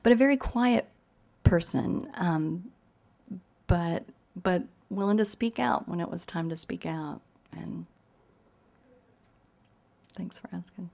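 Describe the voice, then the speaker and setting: A woman novelist with a softened Southern accent, answering questions thoughtfully with gentle pauses, then giving an unhurried, lyrical reading of her fiction. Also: on the low side, creaky. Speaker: visiting novelist. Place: university lecture hall.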